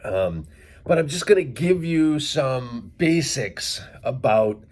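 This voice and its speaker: A middle-aged man from central Massachusetts, speaking as an English teacher in a casual, deliberate monologue to camera and spelling words out letter by letter. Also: medium pitch, animated, darkish tone. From central Massachusetts, USA.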